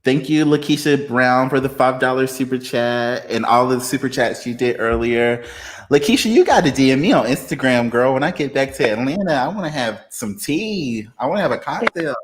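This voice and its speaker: Male livestream host, easygoing chatter over comments, a little tipsy, laughs freely, average-pitched voice. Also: animated. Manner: laid-back, laughs often, drawn-out fillers. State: a little tipsy after beers. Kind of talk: casual live chat reading comments.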